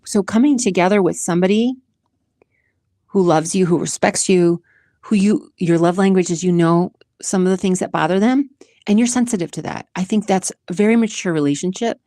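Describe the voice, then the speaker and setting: On her own podcast, a woman rambles casually and earnestly about relationships, getting emotional and close to tears at times. Her voice sits on the low side and sounds mellow, with no echo.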